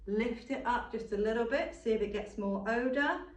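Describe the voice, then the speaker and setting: In a patient, step-by-step demonstration lesson, a woman dog trainer keeps repeating her key points. Her fairly high voice moves at normal speed, picked up by a distant mic with roomy sound.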